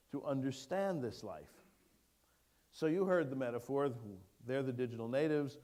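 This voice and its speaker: A man giving a keynote lecture to an audience, lively and engaging, putting questions to the room. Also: medium pitch. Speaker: keynote speaker. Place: lecture hall before an audience.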